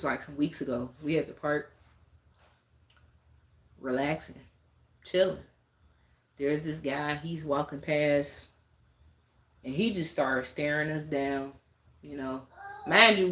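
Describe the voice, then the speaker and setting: This woman's voice sits low and slightly bright, with a measured pace broken by long pauses. She's live-streaming a rambling, exasperated, blunt rant to her audience, and the recording carries a roomy echo.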